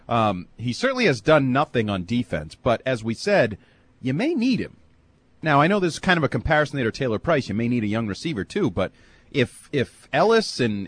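Husky, animated sports talk co-host. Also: male voice, medium pitch, no echo. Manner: animated storyteller and analyst. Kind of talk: sports talk show banter.

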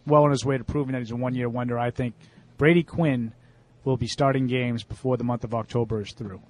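A man's voice: medium pitch, steady tone, a little fast, a little mellow. A man hosting a casual sports panel, reading out each matchup and its line before giving his own pick. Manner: reads out matchups and lines, then gives his pick. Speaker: host running the picks segment.

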